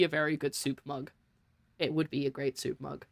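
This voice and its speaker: A woman's voice: low voice, flat delivery, brisk, gravelly, no echo. A woman streaming a game, giving casual, giggly, rambling commentary.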